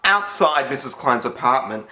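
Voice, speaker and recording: A man's voice: mid-range voice, animated, normal speed, bright, forceful tone. A man with an Australian accent telling a story casually, rambling with many fillers and restarts. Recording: roomy echo.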